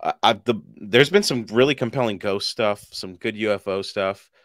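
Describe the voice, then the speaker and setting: A man with a fairly low voice co-hosts a casual podcast, chatting loosely and breaking into laughter as he tells stories. He is from Washington state, and his voice sounds close and dry, with little room behind it. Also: normal speed, dry recording. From Washington state, USA. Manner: chatty, laughs often, animated storytelling. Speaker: podcast co-host.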